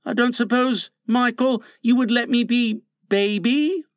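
A man's voice: high voice, animated, normal speed, no echo, clean studio sound, voice pushed up. A man voicing a humble, diffident little boy who asks shyly and heavily, in a storybook reading. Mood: plaintive. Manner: hesitant, plaintive, heavy. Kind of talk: storybook read-aloud.

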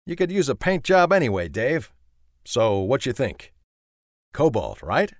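A man's voice: medium pitch, sing-song, a little slow, no echo, studio quality, pitched above the performer's own voice. Man voicing a wry old-school garage owner. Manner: wry, drawling, bargaining. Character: wry, gruff small-town male garage owner. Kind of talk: audiobook character voice.

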